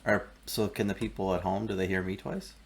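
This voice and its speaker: A man's voice: low voice, brisk, gravelly. A man hosting a live art stream, chatting casually and joking around with his cohost. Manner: joking, relaxed banter. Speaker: host.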